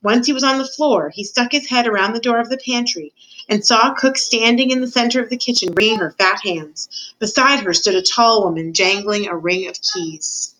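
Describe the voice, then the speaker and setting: A woman's voice: a little high, normal speed, a bit bright, poor audio. A woman reading a children's novel aloud, speaking directly to the listener and making the odd small slip. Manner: addresses the listener as reader, with small slips. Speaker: reader.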